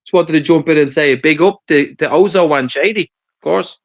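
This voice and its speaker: Brief: high-pitched man, boisterous livestream caller, muffled lo-fi call audio. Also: brisk. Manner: rowdy, laughing, swears freely. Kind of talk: casual livestream chat. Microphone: internet call.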